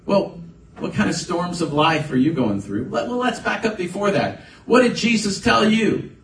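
A man's voice: sits high, expressive, moderate pace, fairly bright tone. A man preaching a conversational sermon as a pastor, building to emphatic bursts. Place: church sanctuary. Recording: echoey room, voice from a distance, faint ambience.

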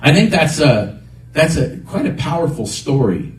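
Man, pastor, emphatic sermon, slightly high voice, distant mic. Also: very animated, normal speed. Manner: earnest, emphatic preaching with repeated phrases. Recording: echoey room picked up from a distance.

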